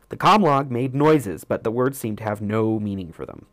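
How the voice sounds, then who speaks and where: A man reading a first-person story as an audiobook narrator, in a measured, reflective way. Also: on the low side, animated, no echo, studio quality.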